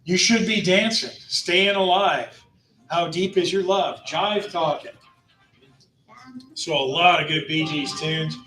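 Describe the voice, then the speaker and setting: A man's voice: on the high side, slow, sharp tone, soft background music. A man in his fifties hosting a travel club meeting, announcing upcoming trips in a jokey, upbeat way and laughing between items. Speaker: tour company host. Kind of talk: casual club presentation. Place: meeting room. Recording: echoey room from far off.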